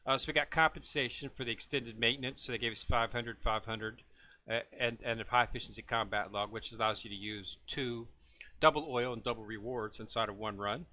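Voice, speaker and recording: Bright-voiced man explaining a game update. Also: mid-range voice, brisk. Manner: relaxed, rambling, lots of filler words; stumbles over foreign names. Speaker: gaming video host. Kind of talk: casual game walkthrough.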